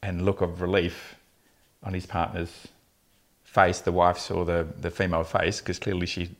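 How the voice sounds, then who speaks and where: A man's voice: low voice, flat delivery, moderate pace. A man, a fertility specialist telling blunt, funny patient stories in a casual podcast chat. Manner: anecdotal, laughing often, blunt humour.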